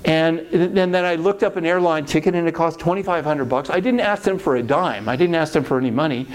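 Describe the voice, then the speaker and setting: A middle-aged man, a pastor, telling a personal faith story in a lively way and acting out the voices he quotes. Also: fairly high pitch, fast talker.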